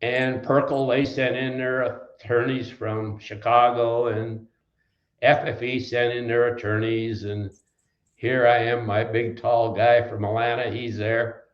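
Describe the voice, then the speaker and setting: A man's voice: mid-range voice, little pitch movement, unhurried, reverberant, highs cut off. An older man from Wisconsin, a trucking company founder, telling rambling, folksy stories in an interview. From Wisconsin, USA. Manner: folksy, rambling anecdotes with restarts. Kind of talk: storytelling in an interview.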